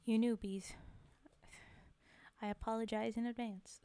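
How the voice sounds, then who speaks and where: Woman streamer, halting casual chat, slow and dry-close. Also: on the high side, fairly even intonation, dry recording. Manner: halting, full of soft fillers. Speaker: streamer reading poetry.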